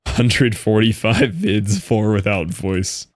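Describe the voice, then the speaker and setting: A man's voice: fairly low pitch, big pitch swings, slow, no echo. A man streaming a block-building game, chatting casually and joking back at the videos he plays. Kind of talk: casual gameplay commentary.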